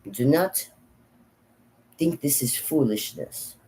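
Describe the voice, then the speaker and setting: A woman's voice: very deep voice, lively intonation, takes it slowly, mellow, exaggerated voice. A woman impersonating an old grandmother with a thick Slavic accent, scolding a child in firm, broken English. She sounds protective and insistent, warning over and over. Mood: stern warning. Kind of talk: impersonation in a vlog.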